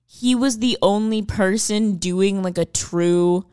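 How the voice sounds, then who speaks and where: Laughing often and cursing without restraint, this female podcast co-host chats casually. Her medium-pitched voice is clear, resonant, and darkish, and she takes her time; the studio-quality recording has no echo.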